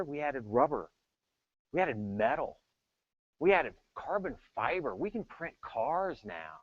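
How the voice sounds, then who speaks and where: Animated middle-aged male tech speaker. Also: sits high, no echo, narrow, tinny audio. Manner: animated, joking storyteller. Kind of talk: storytelling keynote talk.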